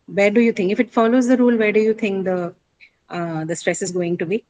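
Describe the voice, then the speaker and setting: A woman's voice: mid-range voice, fairly even intonation, fairly quick, a little mellow, lo-fi sound. A woman teacher walks a class through word stress. She speaks in a patient, explanatory way and scatters fillers as she thinks aloud. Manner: patient, explanatory, many fillers like uh and you know.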